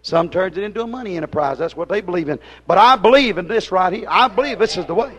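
Speaking fast and animated in a high-sitting voice, a preacher uses folksy dialect grammar in a fiery sermon, shouting at his congregation and then falling to a quiet plea.

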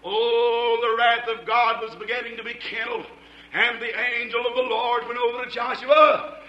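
Fiery male preacher, high and sharp, loud rhythmic repetition, echoey room. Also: little pitch movement, moderate pace, lo-fi sound. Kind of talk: fiery shouted sermon.

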